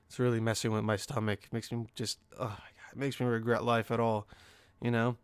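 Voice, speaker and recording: A man's voice: medium pitch, little pitch movement, brisk, clear, resonant tone, no room sound. A man hosting his own podcast, rambling casually in a profane, loose monologue full of fillers and restarts. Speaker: podcast host.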